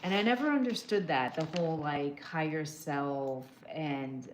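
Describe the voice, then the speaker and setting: A woman with a low-pitched, slightly slow voice hosts a casual live stream doing emotional scans, giving direct wellness advice. She answers viewers with pet names like "girl" and "my love." The room is echoey, with slight background noise.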